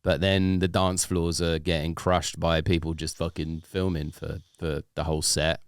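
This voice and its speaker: A man with a very low, smooth voice talks loosely on a podcast. He rambles and circles back on himself, dropping "like" everywhere. The sound is close and dry. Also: level tone, moderate pace, no echo. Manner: rambling, many "like"s and restarts. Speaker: guest DJ. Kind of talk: casual podcast chat.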